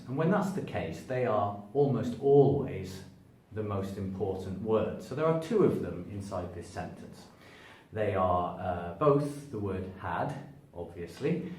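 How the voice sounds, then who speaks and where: A man teaching English pronunciation to camera, stretching and stressing words to show each point, stepping toward and away from the camera. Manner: demonstrates stress by stretching words, lively shifts in pitch. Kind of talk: spoken English lesson to camera. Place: room standing before a sign. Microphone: camera at a distance, moving toward and away from it. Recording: echoey room, voice from a distance, faint background noise.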